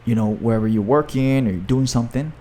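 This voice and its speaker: A man's voice: mid-range voice, quick pace, mellow. A man hosting a podcast in a casual, enthusiastic talk, often adding "you know" and "right?". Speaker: podcast host and author.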